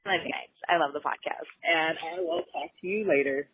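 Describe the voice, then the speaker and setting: A woman's voice: sits low, a little fast, slight background noise. Woman leaving a chatty phone voicemail. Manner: chatty, animated storytelling. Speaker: caller. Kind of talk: voicemail message. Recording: husky voice over a tinny phone line.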